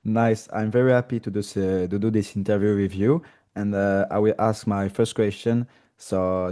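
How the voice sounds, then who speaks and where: A man's voice: on the low side, fairly even intonation, mellow. A man with a French accent, a French native speaker, hosting an interview and asking questions in hesitant English. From France. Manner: halting, hesitant English with pauses. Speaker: interviewer, host.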